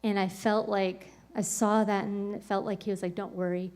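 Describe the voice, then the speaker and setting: A woman talks casually on a podcast, with a voice of ordinary middle pitch. She tells a personal story in a loose, rambling way and fills her speech with "like" and "um". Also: level tone, normal speed, a little mellow. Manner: rambling, full of "like" and "um" fillers. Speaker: podcast speaker.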